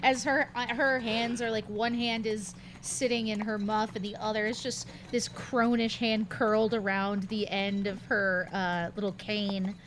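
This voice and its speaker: A woman's voice: mid-range voice, level tone, unhurried, hardly any pauses, fairly bright tone, slight background noise. A woman playfully narrating her character's actions in a tabletop role-playing game. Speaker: tabletop player.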